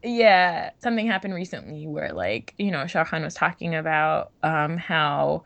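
A woman's voice: sits low, expressive, moderate pace, vocal fry, fairly bright tone. A young woman co-hosting a podcast in casual chat, giggly and full of fillers. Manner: chatty and giggly, many fillers. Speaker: podcast co-host.

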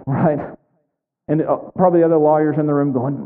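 A man's voice: on the high side, fairly quick. A man preaching a sermon in a conversational way, often checking in with "right?" as he explains scripture. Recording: tinny phone-like sound with long hall reverb.

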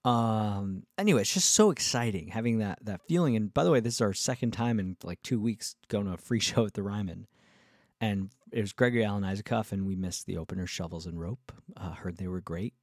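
Rambling, excitable man telling a story. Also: on the low side, a little fast, no room sound, clean studio sound. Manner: rambling and excitable, with many fillers and restarts. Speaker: musician vlogger. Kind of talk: casual storytelling vlog.

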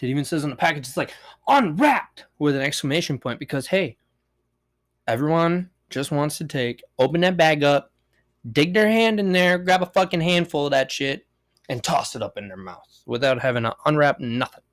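A man hosting a solo podcast, rambling and joking with lots of swearing. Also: medium pitch. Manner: rambling, profane, jokey. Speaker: podcast host. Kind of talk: solo casual podcast monologue.

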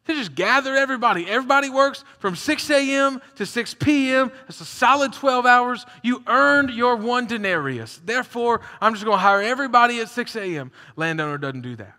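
A man preaching a sermon in an animated, conversational way, acting out the story as he goes. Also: very high-pitched. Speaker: pastor. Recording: long hall reverb.

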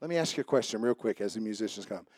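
A male pastor preaching a sermon to his church, swinging between shouted emphasis and low conversational asides. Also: animated, very fast, no echo, studio quality. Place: church sanctuary.

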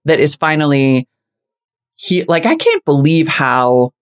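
A podcast co-host in casual chat, expressive and reactive, dropping frequent short affirmations. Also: mid-range voice, measured pace, clear, resonant tone.

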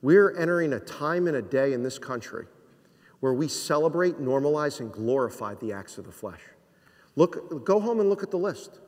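A man from New Jersey delivering a sermon, his voice carried by a long hall reverb. He preaches in a conversational way, full of rhetorical questions, and his voice sits a little high for a man. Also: lively intonation, moderate pace, darkish tone. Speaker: pastor.

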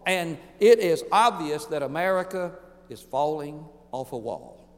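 A pastor preaching a sermon emphatically, swinging between booming declarations and hushed asides. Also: male voice, animated, a little slow, big-room sound.

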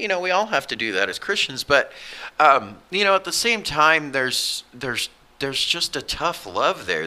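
A man's voice: medium pitch, bright, forceful tone. A man in his forties talking casually and earnestly about his faith, blunt and self-deprecating. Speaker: co-host. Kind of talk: casual Christian podcast chat.

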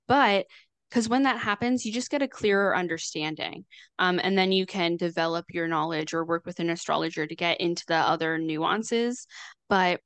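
Chatty woman astrologer, smooth clear voice. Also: lowish voice, a bit bright, no room sound. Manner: chatty, many fillers and restarts. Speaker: astrologer guest. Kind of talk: casual explanatory conversation.

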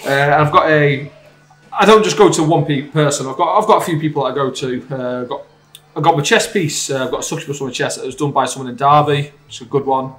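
A man telling an anecdote in a casual podcast chat, in a measured, plainspoken way. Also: fairly high pitch, fairly bright tone. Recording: echoey room.

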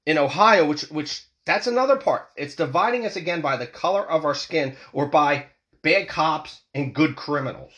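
A man's voice: on the high side, fairly bright tone. Profane, heated man in his forties. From United States. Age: 40s. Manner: heated, profane, repetitive restarts. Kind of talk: angry political rant.

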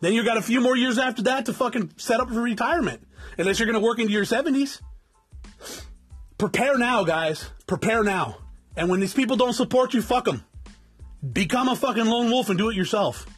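Faint music sits behind a very high-pitched man speaking at a quick pace with a slightly rough sound. He's a vlogger in his 40s from South Tucson, Arizona, giving viewers, whom he calls guys, a blunt lecture in a motivational rant laced with profanity.

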